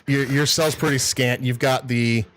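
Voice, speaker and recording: A man's voice: mid-range voice, fairly even intonation, unhurried, a bit bright. A man narrating as game master in a casual, chatty, rambling way.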